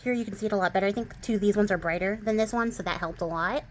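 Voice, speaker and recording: A woman's voice: medium pitch, very fast, slight background noise. A young woman from the western United States with a light Texas twang over a West Coast accent, rambling casually about her crafts with lots of fillers and laughs. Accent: mild Texas twang over a West Coast accent. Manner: chatty, rambling, laughs often, many fillers. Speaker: crafting channel host.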